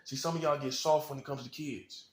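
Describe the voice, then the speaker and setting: A man's voice: fairly high pitch, steady tone, fairly quick, reverberant. A man giving an informal preaching monologue, blunt and repetitive, with slang and chuckles. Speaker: self-styled prophet.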